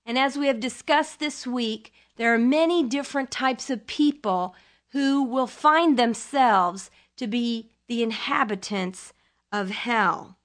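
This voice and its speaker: A woman radio Bible teacher delivering a sermon, telling a story in a measured, dramatic way. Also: fairly high pitch.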